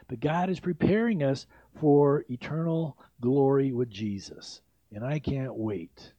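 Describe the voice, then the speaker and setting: A man's voice: mid-range voice, dark tone, no echo. Pastor, man, sermon delivery, dry, lo-fi sound. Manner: preaching with emphatic swells and drawn-out phrases. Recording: dull lo-fi sound.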